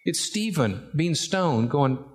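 A man's voice: a little high, sing-song, slow pace, darkish tone. A middle-aged man preaching a sermon, telling a family story and building to emphatic rising peaks. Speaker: pastor.

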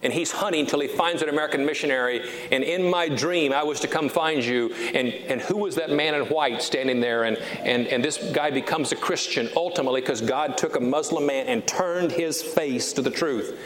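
A man in his fifties preaching a sermon as a pastor, emphatic, repeating key phrases and slowing down to stress them. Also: a little high, fairly bright tone. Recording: reverberant hall with faint noise.

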